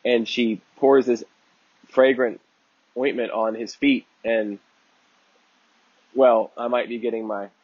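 A man's voice: mid-range voice, fairly even intonation, takes it slowly, pauses often, a little mellow, breathy edge, no echo, highs cut off. A man giving a conversational Bible teaching talk, earnest and digressive, often restarting his sentences.

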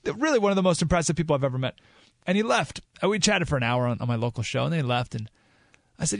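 Male radio host, storytelling monologue, animated delivery, dry studio sound. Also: on the high side, fast talker, vocal fry, no echo. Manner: animated storytelling, rising to excited emphasis.

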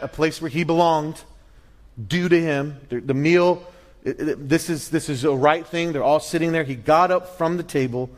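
A middle-aged male pastor preaching a sermon, animated and storytelling, acting out little voices with many restarts. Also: a little high.

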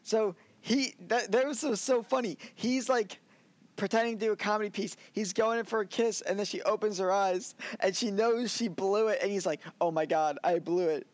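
A man's voice: high-pitched, fairly even intonation, moderate pace, no echo. Man, casual podcast co-host, rambling, acts out scenes, dry close sound. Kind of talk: casual anime review chat.

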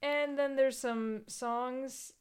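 A woman's voice: sits high, steady tone, extremely slow, clear, resonant tone. A woman co-hosting a podcast, casually retelling a story with plenty of "like" and "um". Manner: rambling summary full of fillers like "like" and "um". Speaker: podcast co-host.

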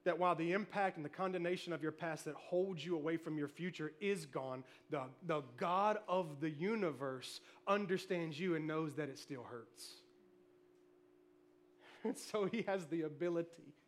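A male pastor preaching a sermon, telling family stories with animated energy, shouting cheers and then dropping soft. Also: on the high side, moderate pace.

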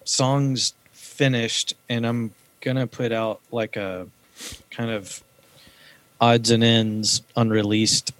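A man's voice: mid-range voice, level tone, slow pace, a bit bright. A man, a counselor, talking easily as a guest in a casual chat.

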